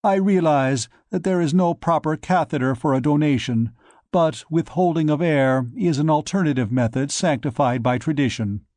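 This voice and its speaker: A man's voice: a little high, moderate pace, darkish tone, no room sound, lightly acted. A man reading an audiobook, voicing a pompous, stiffly dignified man who clings to decorum and speaks in formal, prim phrases. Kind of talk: audiobook character voice.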